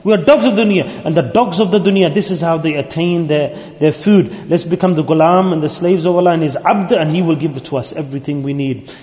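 Male preacher, high register, earnest and imploring, repeats his points; mosque hall, reverberant and roomy. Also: fast talker, few pauses, mellow. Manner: earnest, pleading, repetitive exhortation. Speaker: Sufi religious teacher leading dhikr gatherings. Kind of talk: sermon. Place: mosque gathering. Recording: roomy hall with long echo.

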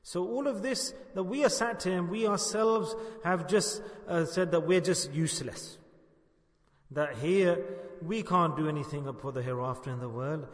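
A man's voice: a little high, moderate pace. A man giving a sermon, earnest and storytelling, asking his listeners rhetorical questions. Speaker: preacher. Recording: echoey hall with long reverb.

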